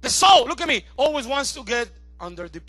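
A middle-aged man preaching a sermon as pastor, animated and acting out the voices of his family and callers. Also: extremely high pitch, brisk, no room sound, faint music behind.

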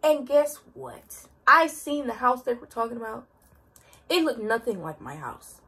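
A teenage girl tells a storytime in a high, bright voice that is full of expression. Her delivery is dramatic and slangy, with big swings in pitch. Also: very animated, unhurried, husky. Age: teens. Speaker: vlogger. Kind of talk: storytime vlog.

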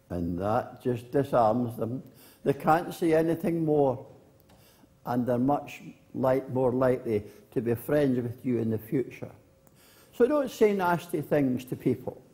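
Minister, children's talk, slow and lively in pitch, mellow tone, church. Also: male voice. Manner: slow, gentle storytelling. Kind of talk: children's address.

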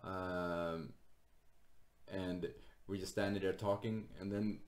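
A low-voiced man, a stand-up comedian, tells stories on a podcast. He talks casually, swears freely and acts out the people in his stories. He laughs through a lot of it. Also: fairly even intonation, takes it slowly. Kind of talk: casual storytelling.

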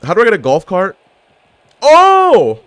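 A man's voice: mid-range voice, normal speed, dry recording. A man giving casual gameplay commentary, joking and trash-talking opponents. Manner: trash-talking, jokey, excitable outbursts. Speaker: gaming YouTuber.

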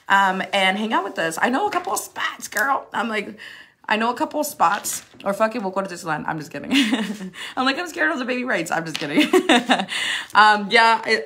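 A woman makeup influencer chatting casually through a live product demo, bubbly, laughing often, swearing playfully and filling pauses with "um". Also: mid-range voice, bright, forceful tone.

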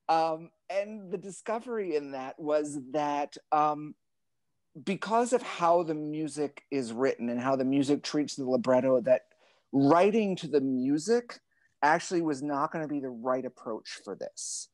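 A man's voice: fairly high pitch, normal speed, darkish tone, dry recording. A man, a librettist and translator, talking about his work over a video call in a thoughtful, digressive, wry way.

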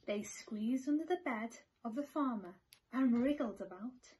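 A woman teacher reading a picture book aloud to children in a slow, expressive storytelling manner. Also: fairly high pitch, slightly rough.

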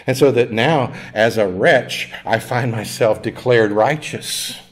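A man's voice: mid-range voice, slow pace. Man preaching a conversational sermon. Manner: conversational preaching, jokes and audience call-and-response. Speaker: pastor. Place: church sanctuary.

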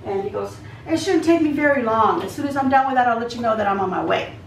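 A woman's voice: on the high side, fast. A woman vlogger casually telling a storytime anecdote, retelling the back-and-forth and acting out the other people's lines as she goes. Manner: animated retelling, acts out dialogue. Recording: echoey room, voice a bit far from mic, faint background hum.

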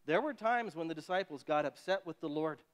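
A man preaching a sermon as pastor, animated, often acting out the voices of people he quotes. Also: a little high, fairly quick.

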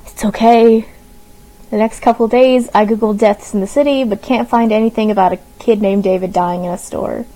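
A woman's voice: medium pitch, mellow, low-quality recording. A young woman from Arkansas with a light Southern accent, reading a creepy story aloud to viewers on a stream, giggling nervously and breaking in with her own remarks. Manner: giggly, nervous, reacting between read-out lines.

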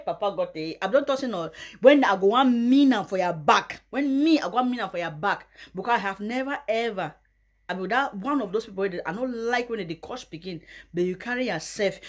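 A young Nigerian woman vlogger giving mocking gossip commentary, often breaking into loud high laughter. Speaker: YouTuber.

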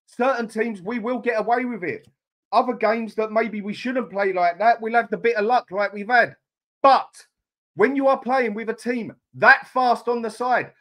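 Brief: fuming man, high-pitched for a guy, blunt, sweary football rant, middle-aged. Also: a bit bright. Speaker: fan channel host. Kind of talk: angry live-stream football rant.

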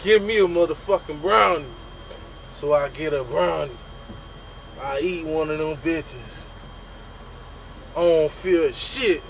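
A man telling a funny story about himself in a casual, profane, animated way, making his own sound effects. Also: fairly high pitch, slow, creaky, long pauses, crowd noise, rough recording.

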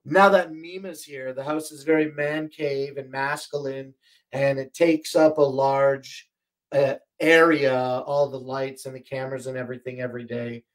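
A man's voice: medium pitch, fairly even intonation, normal speed. A man hosts a livestream shopping show from his home studio, talking loosely and rambling with plenty of fillers and restarts. His voice sounds strained and tight, breaking now and then. He sits more than an arm's length from a desk microphone. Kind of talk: casual livestream product chat. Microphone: desk microphone, more than an arm's length away.

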